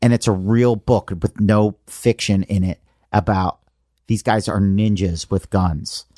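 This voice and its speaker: Upbeat low-voiced man in his forties. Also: fairly even intonation, a little slow, dark tone, no room sound, clean studio sound. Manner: enthusiastic storytelling. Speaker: podcast host. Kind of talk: casual chat.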